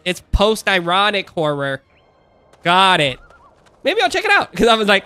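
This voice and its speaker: A man's voice: high-pitched, wildly swooping pitch, unhurried, long pauses, bright, forceful tone, clear, resonant tone, soft background music. A man in his thirties chatting casually on a live stream, rambling through asides and laughing often.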